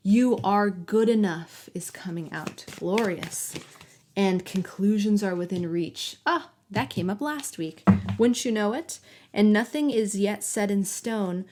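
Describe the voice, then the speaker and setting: Woman tarot reader, soft, affectionate, speaks straight to the listener, middle pitch. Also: measured pace, noisy background. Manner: soft, affectionate, talks directly to the viewer. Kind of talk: collective tarot reading.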